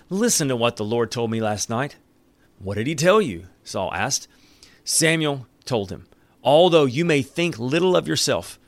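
A man preaching a sermon, reading scripture aloud and commenting on it in an earnest, emphatic way with dramatic pauses. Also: mid-range voice, creaky, dry recording. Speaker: pastor.

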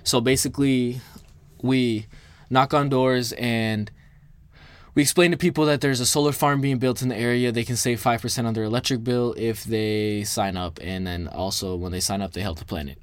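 A young man from Minnesota casually telling a story to the camera, animated and swearing freely, with lots of fillers. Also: medium pitch, moderate pace, clean tone, dry recording.

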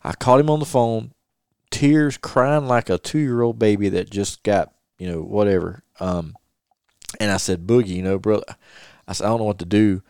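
A man's voice: lowish voice, normal speed, darkish tone, clean tone, dry recording, studio quality. A middle-aged man from North Carolina, a podcast host earnestly telling a personal story and retelling advice he got. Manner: earnest, repeats himself, quotes advice at length. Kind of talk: casual chat, personal storytelling.

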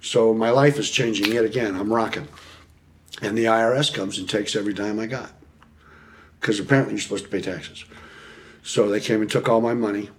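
A middle-aged man from the United States, lowish-voiced and brisk, pauses often while telling prison stories as a podcast guest, with a little hiss or hum on the recording. His storytelling is animated and profane, full of acted-out quotes and frequent laughter.

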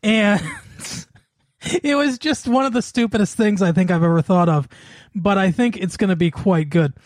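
A man's voice: high-pitched, normal speed, no echo. A man co-hosting a casual comedy podcast, laughing often as he quizzes his co-host.

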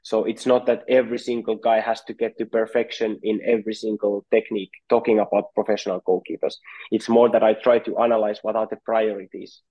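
Finnish goalkeeping coach, lo-fi sound. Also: male voice, on the low side, level tone, brisk. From Finland. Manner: thoughtful, repeats words as he searches for phrasing. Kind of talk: podcast interview.

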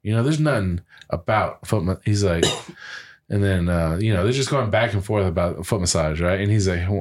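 A man's voice: deep voice, moderate pace. A young man co-hosting a podcast, casually retelling movie scenes and acting out the lines with lots of fillers. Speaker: podcast co-host. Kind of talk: casual chat.

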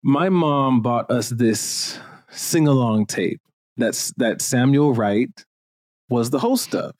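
A man's voice: medium pitch, slow pace, dry recording, clean studio sound. A man from Jamaica hosting a podcast, chatting casually and giving strong opinions with lots of fillers. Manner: animated and opinionated, with frequent fillers. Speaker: podcast host. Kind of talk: casual chat.

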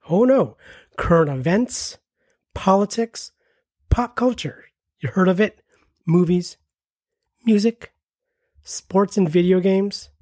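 A man in his mid-forties with a slightly husky voice delivers a scripted comedy ad with a wry, self-deprecating tone. The sound is dry and close, with no room around it. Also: high voice, mellow, dry recording. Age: 40s. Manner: self-mocking, rambling asides. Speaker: comedy podcast promo reader. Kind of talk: jokey scripted ad read.

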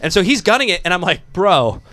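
A man with a slightly high voice tells a story in loose, casual chat. He is animated and profane, and he breaks into laughs partway through his sentences. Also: racing. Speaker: podcast host telling a story.

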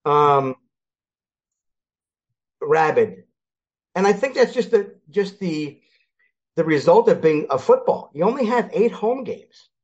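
An older man from Philadelphia, a guest in a casual sports chat, telling lively stories and acting out the people in them. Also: a little high, takes it slowly, long pauses. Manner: animated storyteller, acts out quoted voices. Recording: dull lo-fi audio.

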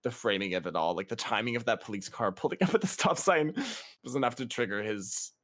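A young man casually telling a funny story, laughing often and leaping into high voices to quote people. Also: brisk, no room sound, clean studio sound. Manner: laughing, animated, jumps to high voices quoting others. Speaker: podcast guest.

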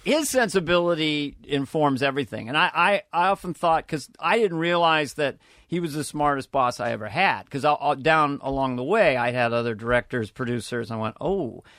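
A man's voice: fairly high pitch, normal speed, hardly any pauses, dry recording. Male comedian guest, storytelling, jumps into impressions; dry, close mic. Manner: animated, slips into quoted voices, swears. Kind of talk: casual podcast interview storytelling.

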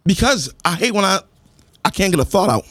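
A man with a rather high voice whose pitch jumps all over as he rants. He is a podcast co-host in a heated, profane, theatrical back-and-forth. His voice is close and dry, with no room sound. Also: a little fast, husky, no echo. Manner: animated, profane, dramatic, keeps getting cut off. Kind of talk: casual argumentative chat.

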